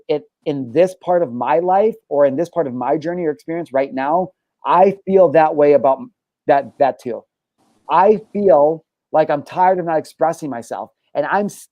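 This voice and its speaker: A man's voice: fairly high pitch, mellow, dry recording, highs cut off. A man hosting a podcast, talking candidly and emphatically, swearing often and restarting his sentences. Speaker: show host.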